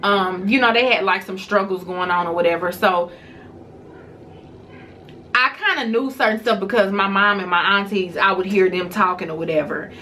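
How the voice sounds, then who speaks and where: Woman, vlogger, casual storytime, animated, bright tone, faint background hiss. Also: mid-range voice, moderate pace. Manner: animated storytelling, addressing viewers directly.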